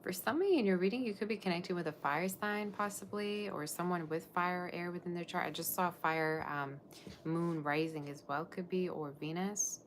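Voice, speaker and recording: A woman's voice: lowish voice, moderate pace, a little hiss or hum. A woman giving a live tarot reading to her viewers, chatting and rambling as she answers their comments. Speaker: tarot reader.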